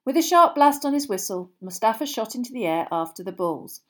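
A woman reading a storybook aloud in steady narration. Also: fairly high pitch, brisk. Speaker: audiobook reader.

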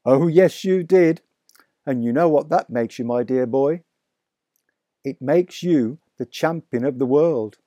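A man reading aloud, voicing an excitable father in a children's storybook who exclaims in wonder. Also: medium pitch, unhurried, no room sound, close to an everyday voice. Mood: proud. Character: excitable delighted adult father.

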